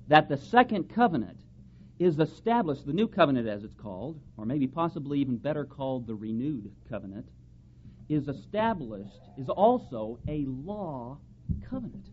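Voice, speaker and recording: A man preaching a sermon, reading scripture aloud and pressing his points with strong rises in emphasis. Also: medium pitch. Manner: emphatic, rising and falling for stress, reads scripture aloud. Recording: dull lo-fi sound with faint background hiss.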